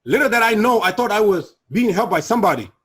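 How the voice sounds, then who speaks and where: A middle-aged man tells his personal testimony in an earnest, emotional way. His voice sits a bit high for a man and has a husky, breathy edge. He sinks low and quiet when the memories turn hard. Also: expressive, fast. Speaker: guest sharing personal testimony.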